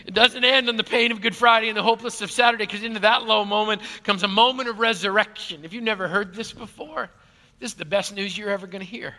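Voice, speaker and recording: Male pastor, bright, high voice, animated sermon delivery, big reverberant church hall. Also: fairly quick. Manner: animated, swings from loud to hushed. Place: large church auditorium.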